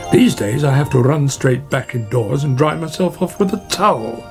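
A talkative river otter, voiced by a male storyteller, chatting and fretting in a mid-pitched, gravelly voice. He sounds neighbourly and a little anxious. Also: expressive, moderate pace, over music, close to an everyday voice. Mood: worried.

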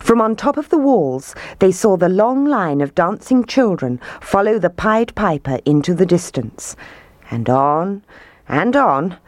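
A woman reading a storybook aloud with expressive, rhythmic narration. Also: on the low side, unhurried, no echo.

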